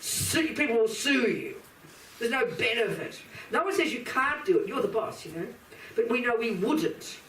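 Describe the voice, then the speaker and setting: A woman's voice: a little high, very animated, normal speed, a bit bright, a little hiss or hum. A woman giving a live Buddhist lecture to an audience. She speaks bluntly and with emphasis, addressing her listeners directly. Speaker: Buddhist teacher. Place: teaching room with audience. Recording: roomy hall from a distance, faint ambience.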